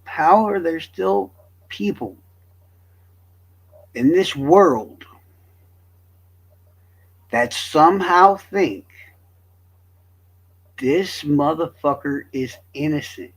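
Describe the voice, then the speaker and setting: A man's voice: on the high side, lively intonation, drawn-out words, long pauses, slightly rough. A young man from Florida, rambling through crude, joking commentary as a streamer.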